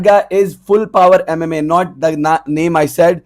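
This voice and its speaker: A man's voice: on the high side, steady tone, moderate pace, slight background noise. A young man, ranting bluntly and profanely as an MMA YouTuber, switching into Hindi mid-sentence. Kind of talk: casual streamer commentary.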